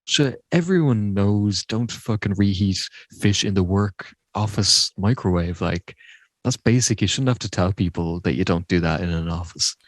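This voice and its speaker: A man in his thirties from Ireland co-hosting a podcast, telling an anecdote in a relaxed, halting way. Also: low-pitched, dry recording. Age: 30s. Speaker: podcast co-host. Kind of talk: casual chat.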